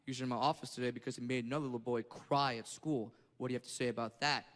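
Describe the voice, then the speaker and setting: A man's voice: mid-range voice, fairly even intonation, quick pace, a bit bright, pitched below the performer's own voice, lightly acted. A man voicing a stern, stuffy male school principal who scolds in a formal tone, performed on a stage with crowd noise behind. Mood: scolding. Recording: reverberant theater with crowd noise.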